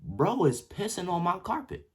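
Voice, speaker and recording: A young man telling a story in a casual, slangy way, swinging from yelled quotes to low mutters. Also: sing-song, moderate pace, slightly rough. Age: young adult. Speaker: vlogger. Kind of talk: animated storytime.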